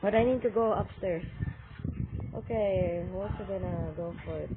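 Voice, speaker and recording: A woman playing a horror game and commentating, loud and jumpy with scared shrieks and exclamations. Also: medium pitch, moderate pace. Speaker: gamer. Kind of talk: excited let's-play commentary. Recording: tinny lo-fi mic with noise.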